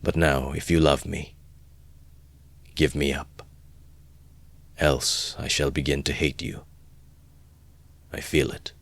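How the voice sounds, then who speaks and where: A man with a very deep voice reading the lines of a feverish young man quietly and slowly, in a low mutter. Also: little pitch movement, creaky, dry recording, heavily acted. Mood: grim. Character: feverish brooding young man, resolved and withdrawn.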